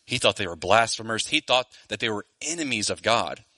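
A man preaching a sermon in a church, earnest and emphatic, slowing down to stress key phrases. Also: on the low side, expressive, bright, forceful tone, dry recording. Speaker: pastor. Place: Louisiana church.

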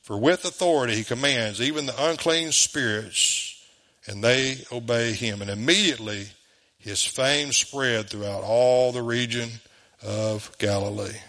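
A man's voice: medium pitch, unhurried, pushed and bright. A man preaching a sermon in a folksy, conversational way, chuckling often. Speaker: pastor.

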